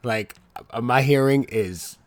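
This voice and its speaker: A young man hosting his own podcast in casual chat, rambling and swearing a lot, loud and unable to whisper. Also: mid-range voice, slow, dry recording, studio quality. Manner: loose, swears a lot, rambling with many restarts. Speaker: podcast host.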